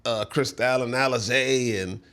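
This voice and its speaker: Speaking a little slowly in a mid-range voice, a middle-aged songwriter guest spins a story in a casual interview. He's an animated storyteller, laughing often and acting out quotes.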